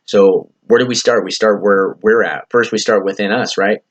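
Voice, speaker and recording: A man's voice: on the low side, steady tone, moderate pace. A man hosting his own podcast, talking in an earnest, rambling motivational way, full of "you know" fillers and casual swearing. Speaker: podcast host. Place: lives in California.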